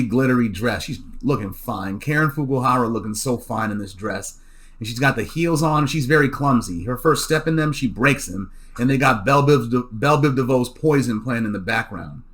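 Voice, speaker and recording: A man's voice: medium pitch, a bit bright. A man giving a loose, profane recap of a TV episode, often repeating himself and restarting sentences. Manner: loose, repeats words and restarts, laughs at jokes. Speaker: show recapper.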